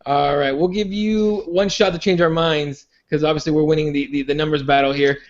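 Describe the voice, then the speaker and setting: A man's voice: on the high side, fairly even intonation, brisk. A man hosting a casual chat podcast about fights, rambling with many restarts and fillers. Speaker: podcast host. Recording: dull lo-fi sound.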